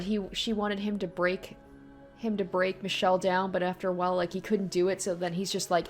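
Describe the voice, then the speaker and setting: A woman with a lowish voice chats and reacts as she plays a story game, thinking out loud and puzzling over the plot. Her talk is loose and casual. Soft music plays faintly underneath. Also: little pitch movement, a little fast. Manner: chatty, easily surprised, thinks aloud. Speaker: let's play host.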